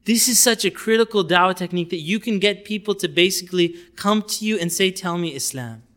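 A man giving an informal lecture on outreach techniques, animated and conversational, often acting out little dialogues. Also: sits high, fast talker. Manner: conversational with fillers and asides.

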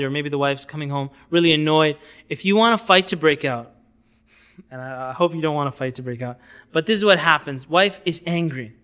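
Man lecturing in a lively, chatty way, with a crisp, bright tone sitting a little above the usual pitch. He slips into short acted exchanges to illustrate his points, then goes back to explaining with fillers and asides. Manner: animated, acts out little dialogues. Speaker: lecturer on outreach techniques. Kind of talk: informal lecture.

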